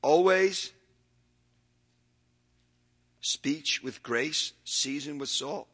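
A man, older, preaching a sermon, earnestly reading verses and moving between loud emphatic bursts and quiet, drawn-out phrases. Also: medium pitch, expressive, husky.

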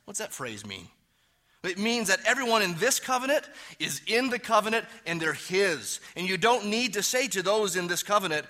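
A man delivers a sermon from the pulpit in a fairly high, bright, forceful voice. He presses hard on key words, then sinks into quiet, low phrases before building up again. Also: sing-song, moderate pace. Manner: emphatic preaching, swinging between loud stresses and hushed low phrases. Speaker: pastor.

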